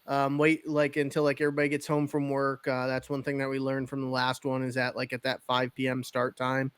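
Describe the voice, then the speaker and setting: Smooth-voiced man announcing on a podcast. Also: medium pitch, completely flat delivery, brisk, a bit bright, dry recording. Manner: laughs easily, announces events plainly. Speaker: podcast co-host. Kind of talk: casual podcast chat.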